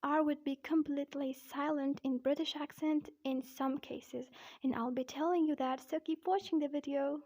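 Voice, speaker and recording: A woman teaching an online pronunciation lesson, repeating example words slowly and addressing viewers as guys. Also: high-pitched, steady tone, a little mellow. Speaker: English accent teacher.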